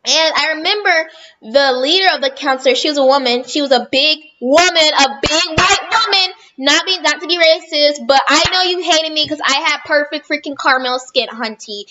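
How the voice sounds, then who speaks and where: A woman's voice: sits high, a little fast, pushed and bright, lo-fi sound, a little hiss or hum. A woman telling a rambling storytime on her vlog, chatting casually and often correcting herself. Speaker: vlogger.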